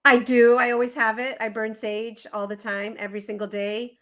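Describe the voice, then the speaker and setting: A woman's voice: a little high, level tone, normal speed, bright, forceful tone. A woman who practices feng shui, explaining in earnest on a live video call, with many fillers and rhetorical questions. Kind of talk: conversational interview.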